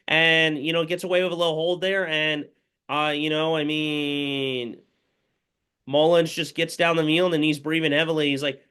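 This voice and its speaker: A fan gives a rambling, filler-heavy play-by-play recap of a football game in a casual way. His voice is fairly high, bright, forceful, clear and resonant, with a steady tone and moderate pace.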